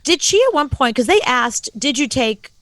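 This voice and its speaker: A woman co-hosting a casual podcast chat, animated and quick to laugh. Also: high-pitched, dry recording. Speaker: co-host.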